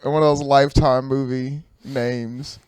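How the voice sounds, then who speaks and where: A man co-hosting a podcast in casual chat, with dry jokes and quick quips. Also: mid-range voice, little pitch movement, darkish tone, clear, resonant tone, no room sound. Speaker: podcast co-host.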